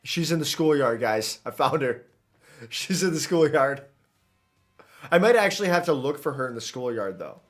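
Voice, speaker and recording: A man's voice: mid-range voice, lively intonation, moderate pace, soft background music. A man giving casual, rambling commentary while streaming a game, chatty and self-interrupting, into a desk mic.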